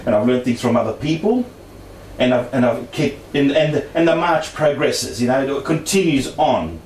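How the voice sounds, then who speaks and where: A man's voice: mid-range voice, animated, moderate pace, a little mellow. A man, telling a personal story in a meandering way with frequent restarts and asides, as a guest speaker at a discussion group. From Brisbane, Australia. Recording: roomy room, distant mic, faint background noise.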